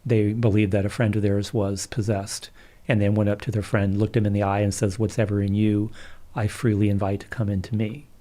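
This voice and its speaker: A middle-aged man, a Catholic priest, calmly telling stories in an interview. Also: lowish voice, brisk. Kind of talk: storytelling in a livestream interview.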